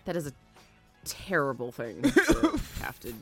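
A woman's voice: low-pitched, a little slow, breathy edge, soft background music. Incredulous, swearing female co-host. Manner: expressive, profane, incredulous. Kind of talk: casual reaction commentary.

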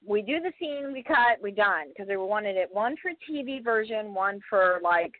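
An actress guest in a casual interview, telling a profane story in an animated way, with laughs. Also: female voice, medium pitch, normal speed, dry recording. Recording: dry, tinny phone-like sound.

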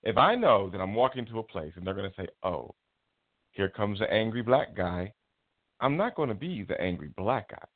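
Speaking with a fairly low pitch, this radio talk show co-host chats casually and spins stories, acting out other people's quotes. His delivery is expressive, with frequent restarts. The sound is dry and tinny, like a phone line.

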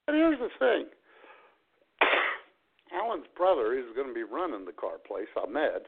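A man's voice: medium pitch, wildly swooping pitch, measured pace, creaky, slight background noise. A man hosting a radio show, telling a rambling, crude, joking story in casual chat. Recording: tinny phone-like audio.

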